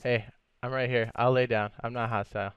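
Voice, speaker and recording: A man giving live, excitable commentary while streaming a game, swearing and laughing often. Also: mid-range voice, brisk, clean tone, dull audio.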